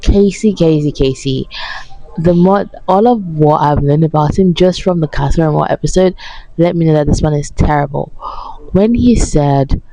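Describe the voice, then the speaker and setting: A young woman delivers a heated, sarcastic rant about a reality show, dropping swear words along the way. Her voice is mellow and gravelly with vocal fry, recorded close and dry. She sounds worn out. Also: deep voice, normal speed, dry recording, rough recording. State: tired. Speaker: vlogger reacting to a reality show. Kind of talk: casual reaction rant.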